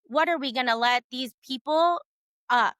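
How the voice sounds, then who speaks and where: A woman co-hosts a casual podcast with a bright, slightly high voice. She talks earnestly and with emphasis, leaning on "like" fillers. The sound is close and dry. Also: normal speed, smooth, no echo. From Cuban family background. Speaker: podcast co-host.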